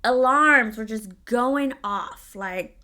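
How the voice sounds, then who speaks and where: A woman's voice: on the high side, moderate pace, fairly bright tone. A woman vlogger telling a story in a sassy, profane, dramatic way. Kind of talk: casual storytelling.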